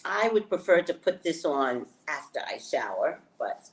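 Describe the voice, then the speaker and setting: Woman, lower-pitched, casual live vlogger, chatty and excitable, showing purchases to the phone camera. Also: measured pace. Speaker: spiritual reader and vlogger. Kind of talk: casual live chat to viewers.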